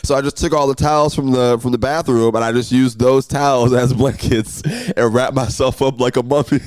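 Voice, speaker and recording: A young man hosting a solo podcast, telling road stories in an animated, ranting way that jumps high and loud when he gets worked up. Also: normal speed, dry recording. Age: young adult. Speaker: podcast host.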